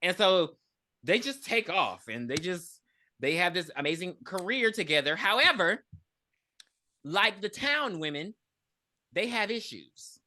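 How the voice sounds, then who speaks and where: A podcast co-host in casual movie-recap chat, swearing freely and jumping into characters' voices. The voice is bright and forceful, and the pitch swings widely. The retelling is animated and playful. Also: measured pace, long pauses. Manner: profane, animated storyteller who acts out characters.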